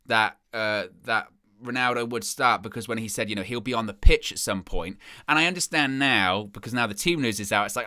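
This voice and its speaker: A young man hosting a fan live stream, with a bright, forward voice. He chats casually, rambles and repeats himself, and keeps putting himself down. The sound is dry and close to the mic. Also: medium pitch, lively intonation, a little fast, dry recording. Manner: chatty, rambling, self-deprecating, repeats phrases.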